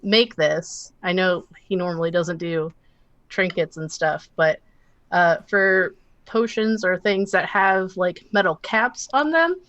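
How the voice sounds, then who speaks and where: A woman's voice: lowish voice, slow, a bit bright, no echo, lo-fi sound. A woman playing in a tabletop game, chatty and laughing, with many fillers. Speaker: player. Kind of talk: casual tabletop play.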